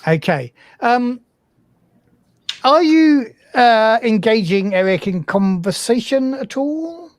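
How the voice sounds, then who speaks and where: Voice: medium pitch, sing-song, slow pace, no echo, studio quality. A game master from the United Kingdom narrating a tabletop role-playing game, hesitant and full of fillers. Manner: hesitant, filler-heavy, self-deprecating.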